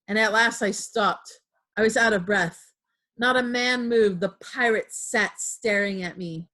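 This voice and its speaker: A teacher reading a novel aloud to her students, clear, with small slips and restarts. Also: mid-range voice, measured pace, bright, forceful tone.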